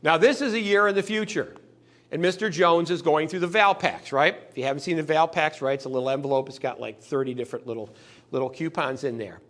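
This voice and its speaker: Quick and fairly high-pitched, a man gives a motivational sales training talk. He animatedly stages little scenes between customers and salespeople, putting on the customers' voices.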